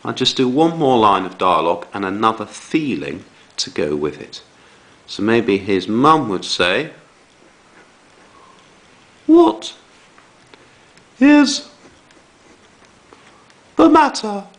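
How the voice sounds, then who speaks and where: A man teaching young children a writing lesson, reading examples aloud with slow dramatic emphasis. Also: fairly low pitch, poor audio. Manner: slow, lively delivery with dramatic read-aloud. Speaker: primary school teacher.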